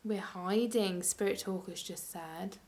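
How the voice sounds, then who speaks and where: A woman investigating an abandoned hospital at night, chatting teasingly and often dropping to hushed whispers. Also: mid-range voice, a little slow, roomy sound. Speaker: paranormal investigator. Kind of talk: casual chat on a ghost hunt.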